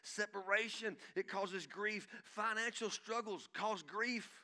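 Man, pastor, sermon, bright tense tone, calls out to the congregation. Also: high voice, slow pace. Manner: swings from shouting to hushed intensity.

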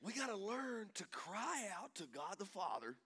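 A preacher man with a high, bright, ringing voice, delivering a sermon to his congregation. He swings between soft, hushed stretches and loud, shouted peaks. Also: very animated, normal speed, husky. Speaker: pastor.

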